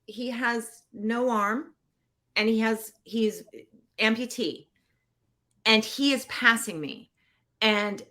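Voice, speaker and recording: A woman guest shares a personal story on a podcast. Her voice is bright and forceful, and she tells it animatedly, acting out the people she quotes. She grows teary as she talks. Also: fairly high pitch, takes it slowly, pauses often. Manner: animated, acts out quoted voices, laughs often. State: getting teary. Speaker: podcast guest, producer and actor. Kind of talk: casual storytelling interview. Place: Los Angeles.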